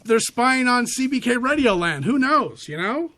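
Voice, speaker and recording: A middle-aged man hosting a radio show in loose, rambling casual banter, quick to laugh. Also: very high-pitched, sing-song, background noise.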